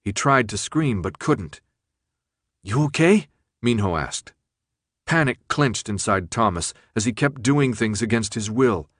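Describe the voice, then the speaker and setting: A man reading a story aloud as an audiobook narrator, steady and measured. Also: on the low side, no room sound, studio quality. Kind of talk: scripted narration.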